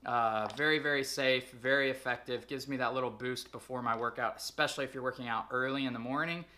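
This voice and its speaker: A fitness trainer speaking in a casual vlog, upbeat and chatty, running through products and numbers with frequent ums. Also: male voice, mid-range voice, steady tone, quick pace, sharp tone.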